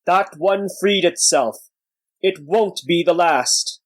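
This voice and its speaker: A man voicing a century-old giant warrior monk elder, sad and gruff, speaking slowly and weightily. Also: high-pitched, dry recording, voice pushed up. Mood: solemn. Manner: slow, weighty, sorrowful delivery.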